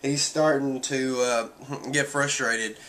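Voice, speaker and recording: A man gives a casual, rambling review, retelling the story with lots of "uh" and "like" and acting out lines as he goes. His voice is bright and forward, pitched in a middling range. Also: steady tone, slow pace. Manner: rambling retelling with many fillers, acting out quotes. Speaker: manga reviewer.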